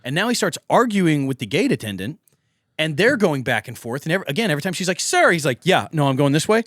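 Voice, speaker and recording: A man's voice: fairly high pitch, quick pace, dry recording, studio quality. A man co-hosting a podcast, telling a story in casual, profane chat and acting out what people said. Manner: animated, profane storytelling with acted-out quotes. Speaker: podcast co-host.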